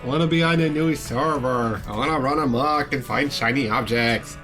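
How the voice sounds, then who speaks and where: A man's voice: medium pitch, normal speed, a bit bright, faint music behind. A man from Texas chatting casually on a stream, laughing often. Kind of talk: casual chat.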